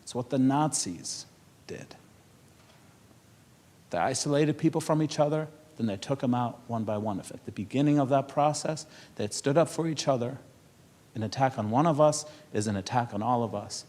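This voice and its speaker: A man from Europe speaking on a symposium panel. He tells stories in a lively way, acts out the people he quotes and turns earnest and persuasive. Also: mid-range voice, normal speed. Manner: animated storyteller who acts out quoted exchanges. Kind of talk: storytelling talk at a symposium panel.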